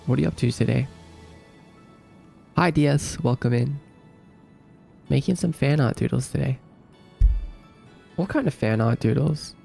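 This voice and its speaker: Gravelly-voiced Australian man chatting with his stream. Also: medium pitch, unhurried, pauses often, mellow, soft background music. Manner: playful and easygoing, answers chat with light joking. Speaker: livestreamer. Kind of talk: casual livestream chat, reading viewer comments aloud.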